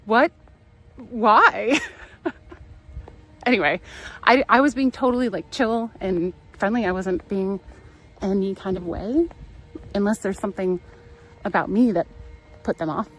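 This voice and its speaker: A woman's voice: medium pitch, normal speed, long pauses, faint music behind, low-quality recording. A woman with a Californian accent, hosting a live travel stream and telling a rambling story from inside a car, laughing often. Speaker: travel livestream host. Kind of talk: casual chat while driving.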